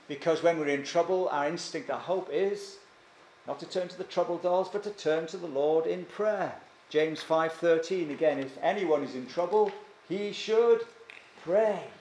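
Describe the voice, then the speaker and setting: A man's voice: medium pitch, a little mellow, slight background noise. A man preaching a sermon earnestly, often asking his listeners questions. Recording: echoey church room, faint ambience.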